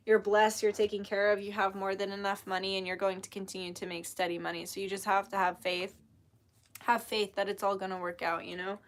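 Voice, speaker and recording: Chatty bright-voiced woman reading tarot. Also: mid-range voice. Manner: chatty, lots of filler "like", spiritual talk. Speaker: tarot reader. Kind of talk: casual tarot reading monologue.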